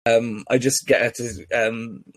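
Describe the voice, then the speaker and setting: A man's voice: medium pitch, steady tone, unhurried, no room sound. A man hosting a podcast in casual chat, rambling with many fillers and joking. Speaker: podcast host.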